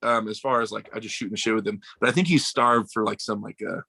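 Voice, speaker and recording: Fast, bright-voiced young American man. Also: lowish voice, creaky, breathy edge, no room sound. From United States. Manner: animated, swearing, acts out quoted voices. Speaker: podcast guest. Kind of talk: casual storytelling chat.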